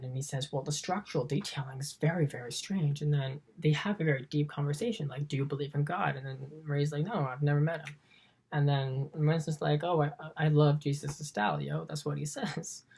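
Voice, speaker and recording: Woman film reviewer, deep low voice, eager and rambling scene-by-scene recap. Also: a little mellow, slightly rough.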